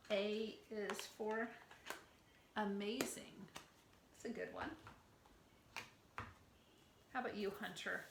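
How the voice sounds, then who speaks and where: A middle-aged teacher leads circle time for small children, speaking slowly and warmly praising each child. Her voice is bright and clear. The recording has a roomy echo and a faint hum of background noise. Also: mid-range voice. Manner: slow, gentle and encouraging, praising children by name. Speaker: preschool teacher. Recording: echoey room with faint ambient noise.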